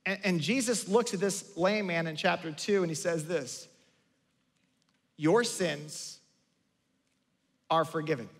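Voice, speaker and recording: Animated high-voiced male pastor preaching. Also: takes it slowly, long pauses, husky. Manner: conversational, animated, with repeated restarts and acted-out quotes. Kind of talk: sermon. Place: church sanctuary.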